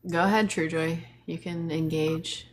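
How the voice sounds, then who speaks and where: Woman livestream host, lowish voice, playful teasing delivery. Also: steady tone, unhurried, slight background noise. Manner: teasing, laughs often. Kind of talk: casual livestream chat.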